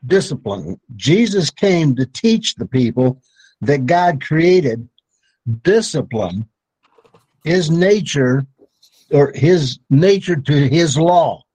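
Blunt man, fairly high voice. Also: animated, slow, a little mellow, husky, rough recording. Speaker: guest on a talk show.

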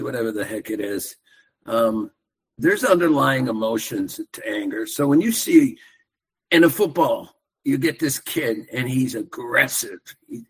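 Male caller, husky, calm explainer with hesitations. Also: mid-range voice, low-quality recording. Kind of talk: casual call-in chat.

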